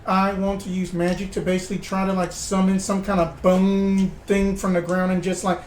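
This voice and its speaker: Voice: medium pitch, little pitch movement, moderate pace, roomy sound, a little hiss or hum. A player in a tabletop game, talking casually and hesitantly with many fillers.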